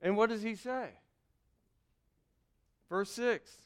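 High-voiced pastor preaching with bursts. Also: male voice, animated, slow, pauses often. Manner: preaching with scripture readings and sudden loud and quiet turns. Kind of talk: sermon.

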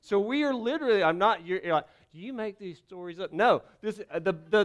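A man preaching with a Southern lilt, his voice pitched high and smooth. He tells stories in an animated, rambling way, cutting himself off and restarting mid-sentence. It sounds like a sermon from the pulpit. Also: a little fast, hardly any pauses. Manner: animated storytelling with self-interruptions and restarts. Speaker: pastor.

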